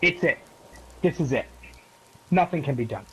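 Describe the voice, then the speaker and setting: A young man casually telling a long story to a friend in a rambling, profane, animated way. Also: on the high side, moderate pace, husky, low-quality recording.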